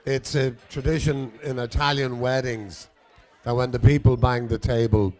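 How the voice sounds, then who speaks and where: A man at a wedding loudly explaining a custom to the guests. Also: medium pitch, steady tone, moderate pace, some chatter behind. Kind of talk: announcement at a wedding.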